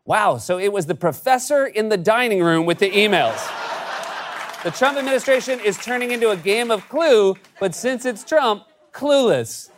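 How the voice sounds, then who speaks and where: A man's voice: sits high, expressive, moderate pace, background noise. A man hosting a late-night comedic news monologue with a sarcastic, punchy delivery. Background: studio audience laughter.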